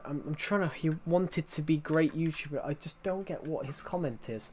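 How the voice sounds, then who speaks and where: A man's voice: a little high, moderate pace, slight background noise. A man live-streaming a game, chatting casually and rambling to his viewers. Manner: rambling, chatty, talks to himself. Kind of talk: casual live-stream chat while gaming.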